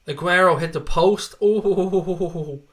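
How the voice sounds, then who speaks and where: An Irish man with a Dublin accent runs a live football watchalong. His voice sits a little higher than most men's. He chats loosely, swears often and reads viewer messages between quick updates on the game. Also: steady tone, a bit bright. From Ireland. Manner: chatty, swears freely, reads viewer comments aloud. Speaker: livestream host. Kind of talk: live match watchalong commentary and chat.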